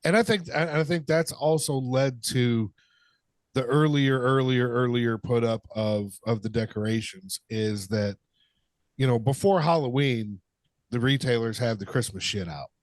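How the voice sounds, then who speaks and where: A man co-hosting a casual podcast, talking in a relaxed way and swearing freely. His voice is close and dry, with hardly any room sound. He agrees often and goes off on easy tangents. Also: medium pitch, measured pace, dry recording. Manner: laid-back, swearing, agreeable. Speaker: podcast co-host. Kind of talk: casual chat.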